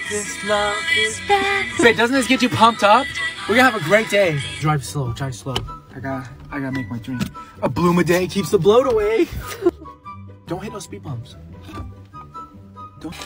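A man does a clingy, bossy young wife who chatters all through a car ride, high-pitched and swinging up and down. Music plays clearly behind the voice. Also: natural voice. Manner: teasing, clingy, bossy backseat driver. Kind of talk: comedy sketch.

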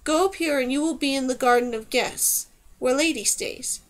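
Woman narrator as old tribal man, earnest, formal, plain phrasing, fairly high voice. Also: moderate pace, lightly acted.

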